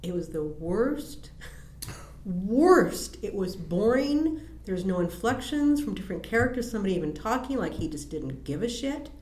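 A woman's voice: medium pitch, very animated, moderate pace, a little mellow. A woman interviewer telling chatty anecdotes in a library study room. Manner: chatty anecdotes, laughs easily. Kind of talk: casual chat. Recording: roomy echo.

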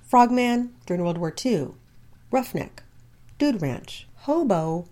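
A woman narrator reading a scripted introduction in a measured way. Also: medium pitch, lively intonation, mellow.

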